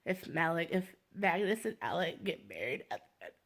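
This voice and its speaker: A woman book vlogger chatting casually to her phone, gushing and rambling, swinging between giddy excitement and near tears. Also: fairly low pitch, moderate pace. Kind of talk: casual fan vlog chat.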